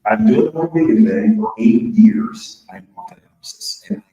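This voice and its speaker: A man's voice: sits high, expressive, normal speed, gravelly, dark tone, dull audio. A man, an author, tells a candid personal story to an audience and jokes along the way. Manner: candid, joking, conversational. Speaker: author giving a speech. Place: large event hall with an audience. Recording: echoey hall, voice from far off.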